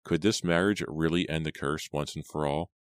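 A man reading an audiobook in a steady, measured narration. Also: a bass voice, clean tone, no room sound.

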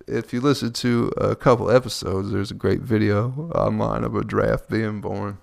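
A man's voice: fairly low pitch, steady tone, normal speed, creaky, hardly any pauses, a little mellow, no room sound, clean studio sound. A man hosting a podcast, rambling through a profane comedic monologue and laughing at his own jokes. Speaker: podcast host.

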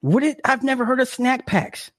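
A man's voice: extremely high pitch, lively intonation, normal speed, fairly bright tone, no echo. A young man at home telling his viewers a story in a casual rant, indignant and exaggerated, swearing and laughing often. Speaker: livestreamer talking to viewers.

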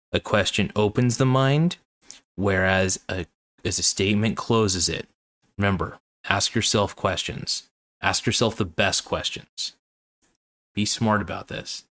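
Tired male host, low-pitched voice, rambling and earnest, repeats himself. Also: measured pace, a bit bright. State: tired, yawning. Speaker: podcast host. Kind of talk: casual solo talk.

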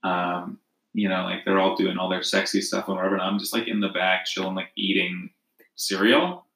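Casual man co-host, lowish voice, loose rambling delivery, roomy echoey sound. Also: fairly even intonation, moderate pace, fairly bright tone. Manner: rambling, many fillers and restarts. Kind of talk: casual chat about reality TV. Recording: echoey room.

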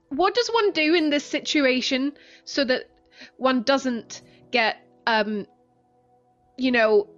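A woman playing a timid, polite young woman who asks anxious questions with many pauses. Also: fairly high pitch, a bit bright, muffled recording. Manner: hesitant, halting, lots of ums.

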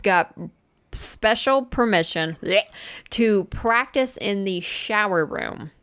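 A woman's voice: mid-range voice, lively intonation, slow, a bit bright, clear, resonant tone. A woman with a Northern US accent, casually telling ghost stories on a podcast, swearing often and trailing off mid-sentence. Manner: chatty storyteller, swears often, trails off and restarts. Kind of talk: casual chat.

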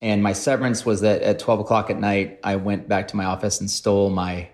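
Low-voiced man telling wry stories. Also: little pitch movement, fairly quick, darkish tone. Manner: wry, self-deprecating anecdotes with acted-out quotes. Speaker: podcast guest, private equity investor. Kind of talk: casual storytelling.

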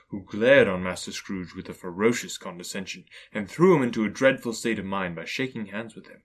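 A man narrating a classic storybook in a measured, even reading. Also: on the low side. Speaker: audiobook narrator.

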